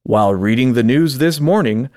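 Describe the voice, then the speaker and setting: A man's voice: mid-range voice, lively intonation, moderate pace, dark tone, no room sound, studio quality. A man co-hosting a podcast, chatting casually and reading out segments in a joking, self-deprecating way. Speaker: podcast co-host.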